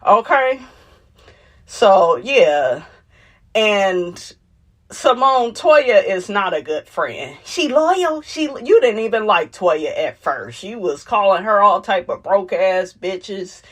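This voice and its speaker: A woman's voice: mid-range voice, slow pace. A young adult woman, chatting casually and sassily about a reality show, laughing and acting out the people she quotes. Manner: animated, sassy, quotes cast members in voices, laughs often. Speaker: reality TV recap commentator. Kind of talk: casual chat.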